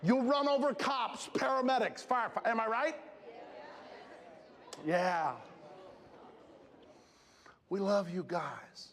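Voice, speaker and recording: A man's voice: high voice, takes it slowly, long pauses. A man giving an emphatic motivational speech at a school assembly, calling out to the students. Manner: emphatic, animated, calls out to the audience. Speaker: motivational speaker. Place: school hall with student audience. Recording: echoey hall with crowd.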